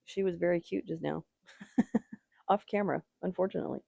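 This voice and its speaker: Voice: mid-range voice, normal speed, gravelly, mellow, slightly rough, dry recording, dull audio. A tarot reader giving a casual, rambling reading, with strong opinions and lots of "like" fillers.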